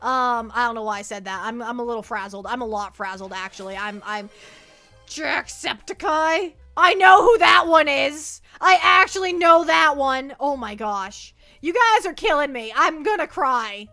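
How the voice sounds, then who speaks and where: A woman streamer chatting casually on a livestream, excitable and giggly, often stammering and restarting. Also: sits high, measured pace, soft background music. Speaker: VTuber streamer.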